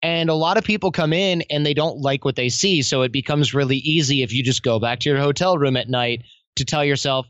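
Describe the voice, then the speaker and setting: A man speaking as a podcast guest, telling stories in an animated way and acting out quoted lines in other voices. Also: medium pitch, a little fast, no room sound, highs cut off. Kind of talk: conversational interview.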